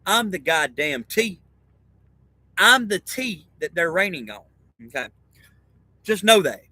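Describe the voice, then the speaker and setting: Man, high register, crisp dry sound; rambling profane monologue, conspiratorial teacher, keeps saying okay. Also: sing-song, takes it slowly, pushed and bright, no echo, poor audio. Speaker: self-styled teacher. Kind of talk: rambling spoken monologue reading a document aloud.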